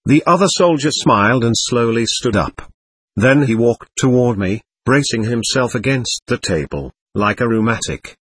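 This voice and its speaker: Husky man reading a memoir aloud. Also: mid-range voice, very animated, normal speed, a bit bright, no room sound. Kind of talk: scripted first-person narration.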